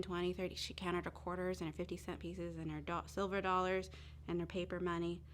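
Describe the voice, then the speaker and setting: A woman telling a Bible story to young children at chapel, expressive and sometimes dropping to a hush. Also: lowish voice, a little hiss or hum. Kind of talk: children's story and short sermon.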